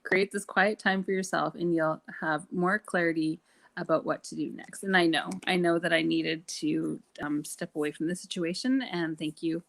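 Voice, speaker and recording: A woman's voice: sits low, normal speed, vocal fry. A woman chatting casually on a live video call, telling stories and reading out spiritual cards. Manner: animated storytelling, acts out quotes. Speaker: card reader in a women's circle. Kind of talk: casual live-stream chat.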